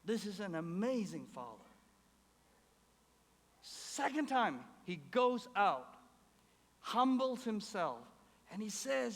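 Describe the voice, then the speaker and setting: High-voiced man preaching in a reverberant hall. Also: big pitch swings, takes it slowly, creaky, pauses often, a bit bright. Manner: emphatic storytelling, voicing quoted characters. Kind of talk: sermon. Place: church hall. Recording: reverberant hall, faint ambience.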